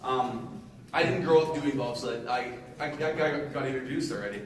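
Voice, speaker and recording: A man's voice: mid-range voice, moderate pace. A man in his forties telling a casual, motivational story to an audience he addresses directly. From Canada. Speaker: guest speaker. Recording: echoey hall from far off, noisy.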